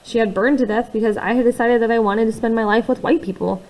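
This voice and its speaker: A woman narrating a first-person novel in a quiet, confiding way, with conversational asides to the listener. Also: fairly high pitch, steady tone, quick pace, low-quality recording. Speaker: audiobook reader.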